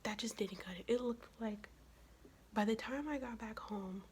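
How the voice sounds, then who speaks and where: A woman's voice: on the high side, moderate pace, darkish tone, a little hiss or hum. A young woman who is sick, talking in a whispered ASMR get-ready-with-me chat, casual and profane. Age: young adult. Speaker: ASMR vlogger.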